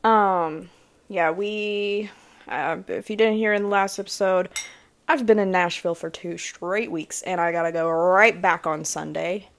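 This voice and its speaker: A woman co-hosting a podcast in casual chat, talking in a chatty, animated way. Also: fairly low pitch, a little slow, slight background noise. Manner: chatty, animated, tired after long workdays. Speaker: podcast co-host.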